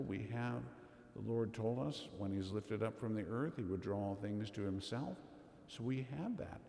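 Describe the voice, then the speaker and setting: A man giving an earnest, measured homily at Mass as a Catholic priest, asking rhetorical questions. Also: mid-range voice, gravelly, warm tone, a little hiss or hum. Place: church. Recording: echoey church with long reverb.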